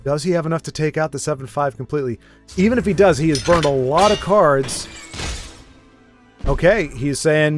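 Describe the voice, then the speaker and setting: Chatty, higher-voiced man commentating a game. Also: moderate pace, over music. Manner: chatty, self-deprecating, rambling with restarts. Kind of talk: casual gameplay commentary.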